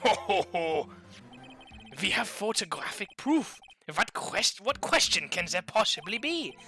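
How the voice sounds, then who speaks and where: A man's voice: high voice, big pitch swings, unhurried, pushed and bright, faint music behind, exaggerated voice. A man voicing an arrogant, haughty male prosecutor while reading game dialogue aloud. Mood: smug. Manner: haughty, sneering.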